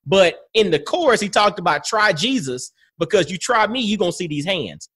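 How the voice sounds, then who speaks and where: High, lively male podcast host. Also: husky. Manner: animated, affirming, quick to react. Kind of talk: casual podcast interview.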